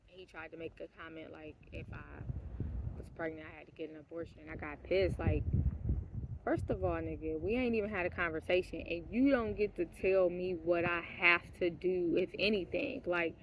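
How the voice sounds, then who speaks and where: A woman vlogger telling a personal story in a casual monologue, blunt and profane, dropping to hushed asides and then rising into heated outbursts, laughing now and then. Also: lowish voice, fairly even intonation, moderate pace, lo-fi sound, background noise. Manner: laughs mid-sentence.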